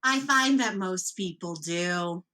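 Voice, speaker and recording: Woman playing a burly flirty bruiser, mischievous, bright tone, slow delivery, tabletop game. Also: animated, full character voice, poor audio. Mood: mocking. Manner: teasing, drops low and purring when threatening.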